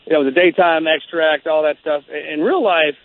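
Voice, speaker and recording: A man's voice: on the high side, steady tone, moderate pace, phone-quality sound. A man being interviewed, telling a long story in a casual, rambling way, often saying man and bro. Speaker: guest.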